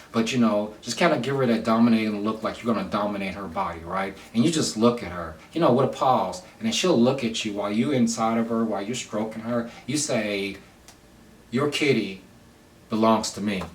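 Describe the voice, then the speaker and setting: A man's voice: on the low side, brisk, hardly any pauses, far from the mic. A man vlogging casual advice to camera, rambling loosely with lots of fillers and repeats. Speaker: vlogger giving dating advice. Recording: roomy sound from away from the mic.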